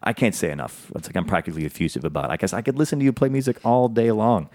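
A male host talks with a guest in a playful, effusive way, joking and laughing. His voice is low and deep. The sound is dry and close, with no room around it. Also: very fast, dark tone, no echo. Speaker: radio show host. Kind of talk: casual interview chat.

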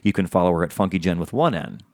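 Man, podcast host, deep radio voice, teasing and jokey, dry close sound. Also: animated, fast, vocal fry, darkish tone, no room sound. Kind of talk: casual interview.

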